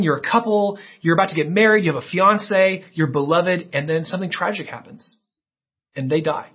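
A man preaching a sermon in a somewhat high, husky voice. He tells his story earnestly, rising sharply and then falling to a near hush. The recording sounds dull and lo-fi. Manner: earnest, dramatic storytelling with sudden rises and hushed drops.

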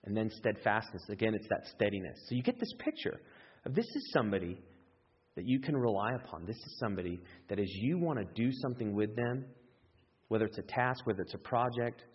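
A man preaching a sermon in an animated way, jumping up in pitch when he acts out excited voices. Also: breathy edge. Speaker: pastor. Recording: echoey hall, dull lo-fi sound.

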